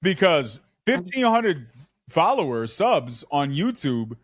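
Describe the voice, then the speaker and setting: Lively, slangy podcast guy, voice swings up and down a lot, dry close sound. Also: fairly high pitch, slow, dry recording. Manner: animated storyteller, slangy. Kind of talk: casual podcast chat.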